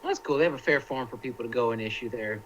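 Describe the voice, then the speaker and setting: Male co-host, mid-pitched, laid-back, slangy casual chat. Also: very fast, lo-fi sound, slight background noise.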